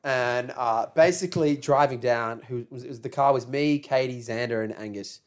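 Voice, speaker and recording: A man's voice: medium pitch, moderate pace. A young man telling a rambling, laughing anecdote in a casual podcast chat, restarting his sentences as he goes. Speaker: podcast co-host.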